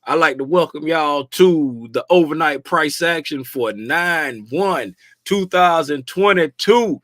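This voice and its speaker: A man's voice: a little high, animated, takes it slowly, fairly bright tone, dry recording, clean studio sound. A man from Florida hosting a daily trading livestream, chatting casually and playfully in slang and greeting viewers by name. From Florida, USA.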